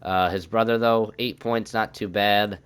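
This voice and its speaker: A man's voice: lowish voice, fairly even intonation, measured pace, fairly bright tone, smooth. A young man commenting on his own hockey video game season, thinking aloud and swearing when things go wrong. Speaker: gaming YouTuber.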